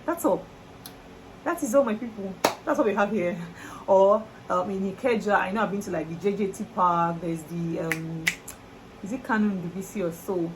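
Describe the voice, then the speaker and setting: A young Nigerian woman with a Nigerian accent chatting to camera in a lively, exclamatory vlog style. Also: mid-range voice, normal speed, background noise. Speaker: vlogger. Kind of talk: casual chat to camera.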